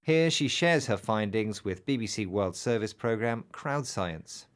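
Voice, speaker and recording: A man's voice: on the low side, expressive, measured pace. A man co-hosting an English learning program, presenting a script steadily and quizzing his co-host.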